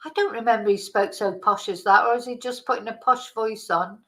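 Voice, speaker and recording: A woman's voice: fairly high pitch, fairly even intonation, a little fast, fairly bright tone, rough recording. A woman hosting a casual chat, rambling and exclaiming as she reacts to old videos. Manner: chatty, rambling, exclaiming in disgust. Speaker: channel host.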